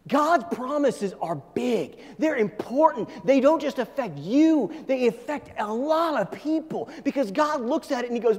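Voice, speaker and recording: A middle-aged man preaching a sermon as a pastor, talking fast and emphatic, often repeating phrases. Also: extremely high pitch, darkish tone, in a large hall.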